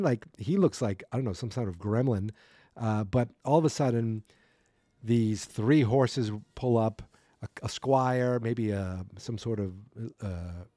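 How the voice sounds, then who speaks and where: A man hosts a podcast on his own, walking through a cartoon episode in a loose, rambling way. He often corrects himself and drops wry asides. His voice is mellow and sits close and dry. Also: fairly low pitch, no echo. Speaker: podcast host. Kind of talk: casual solo episode recap.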